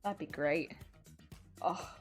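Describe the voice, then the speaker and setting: A woman streamer does machine embroidery while chatting casually with viewers, laughing often and teasing herself about her grating, honking voice. She speaks slowly in a deep voice, with faint music behind her.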